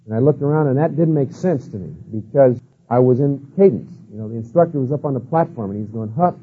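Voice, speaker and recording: Husky man lecturing on tinny old tape. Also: mid-range voice, fast. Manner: folksy, storytelling with many "you know" and "uh" fillers. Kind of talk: sermon-style lecture.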